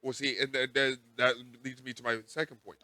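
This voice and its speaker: Male podcast host, bright tone, dry close sound, rambling self-mocking storyteller. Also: medium pitch, little pitch movement, a little fast, no room sound. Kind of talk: casual chat.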